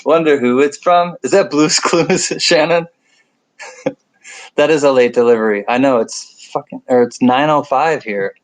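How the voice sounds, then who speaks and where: Unhurried and medium-pitched, a middle-aged man with a nasal upstate New York accent chats through a livestream at home late at night. He reads viewers' comments, rambling and joking with self-deprecating asides, on a rough recording.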